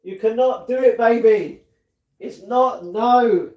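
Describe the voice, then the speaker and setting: A man's voice: very high voice, slow, roomy sound, lo-fi sound, voice pushed up. A man putting on the voice of another man scolding him, repeating "no" insistently.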